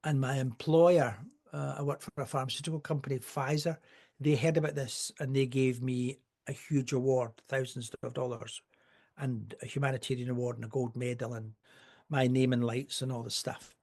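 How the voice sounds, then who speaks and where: A man's voice: medium pitch, steady tone, normal speed, creaky, a little mellow. An older man, a podcast guest telling rambling, wry anecdotes with asides. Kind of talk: casual storytelling.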